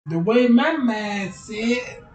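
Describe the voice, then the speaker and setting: A man's voice: very high-pitched, expressive, very slow, a little hiss or hum. A man in a casual, profane, rambling rant as a streamer, keeps asking if you know what he's talking about. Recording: roomy, off-mic sound.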